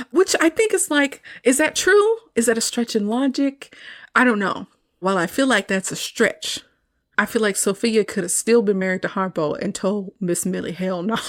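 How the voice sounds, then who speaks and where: A woman hosting a podcast, casually recapping a film scene, chatty and often laughing, calling listeners y'all. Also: mid-range voice. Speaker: podcast host.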